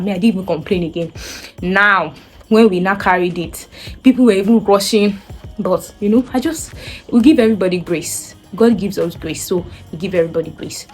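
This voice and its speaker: A young woman in her twenties with a Nigerian accent, telling a story to camera in a lively, casual way and acting out what people said. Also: mid-range voice, slightly rough. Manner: animated, acts out quoted voices. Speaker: vlogger.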